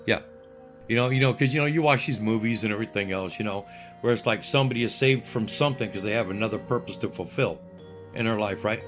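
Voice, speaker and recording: Older male interview guest, lower voice, dry humor, lively storyteller who acts out the people he quotes. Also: fast, faint music behind. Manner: wry humor.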